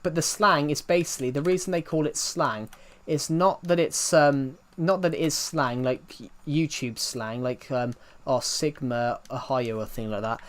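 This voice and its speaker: A man's voice: on the high side, moderate pace, hardly any pauses. Rambling young British man streaming. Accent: British, not London. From United Kingdom. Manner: rambling, repeats himself, frequent "um" and "if you get what I mean". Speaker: game streamer. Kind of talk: casual live-stream chat.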